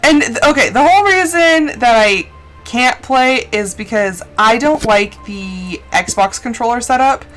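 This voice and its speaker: A woman streamer chats casually over her game, her pitch sitting a bit high and swinging widely as she tells a story. Quiet music plays underneath. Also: lively intonation, unhurried. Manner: chatty storytelling, acts out her own shouting. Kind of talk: casual gaming chat.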